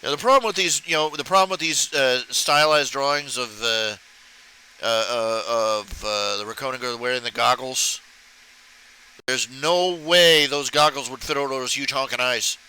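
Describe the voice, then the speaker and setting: Bright clear-voiced man rambling jokes. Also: mid-range voice, moderate pace, rough recording. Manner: rambling, stammering, joking. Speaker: streamer drawing on stream. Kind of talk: casual chat while drawing.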